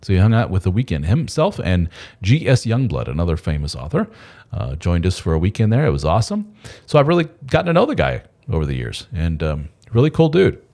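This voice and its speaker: A man with a low, gravelly, dark voice hosts a men's support channel on a casual live stream. He talks fairly quickly with huge swings in pitch, rambling loosely and candidly and swearing mildly.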